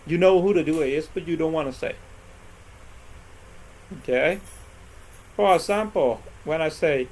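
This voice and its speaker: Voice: mid-range voice, darkish tone, poor audio. Teacher forever asking "okay?". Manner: checks in constantly with "okay?" and "right?"; repeats example sentences slowly. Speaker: English teacher. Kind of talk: classroom grammar lesson. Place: classroom with students.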